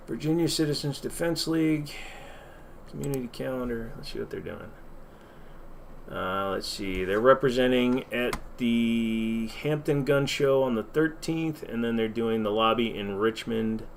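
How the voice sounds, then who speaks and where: A man's voice: medium pitch, creaky, slight background noise. A man hosting a casual livestream Q&A from his desk, rambling with lots of fillers and self-deprecating asides. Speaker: channel host.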